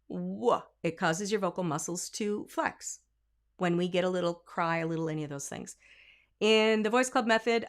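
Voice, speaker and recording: Female vocal coach, mid-range voice, explains technique and demos lines out loud. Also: mid-range voice. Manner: explaining, breaks into sung and spoken examples. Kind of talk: vocal lesson with sung demonstrations.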